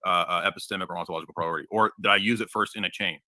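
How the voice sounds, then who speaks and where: A man argues his case in a formal debate, fast and assertive, piling up his points. His voice sits very low but has a sharp, forceful edge. The sound is dry and close. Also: fairly even intonation, no echo. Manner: rapid, assertive, argumentative.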